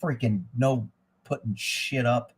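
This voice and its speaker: A man hosting a live stream, ranting angrily with constant swearing, dropping to a mutter and then rising to shouts. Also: medium pitch, slow, slightly rough.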